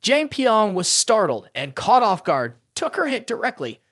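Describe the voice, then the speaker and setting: A man with a high, bright voice narrates a fantasy recap with brisk storytelling drive, his pitch swinging hugely and freely from line to line. The recording is close and dry, with no room sound.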